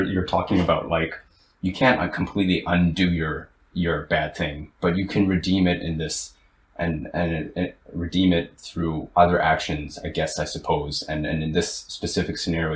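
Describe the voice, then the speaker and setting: A young man co-hosting a podcast, retelling a story in casual chat with lots of restarts and fillers. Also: sits low. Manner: animated, halting storyteller with many restarts. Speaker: podcast co-host. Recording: roomy, with faint ambient noise.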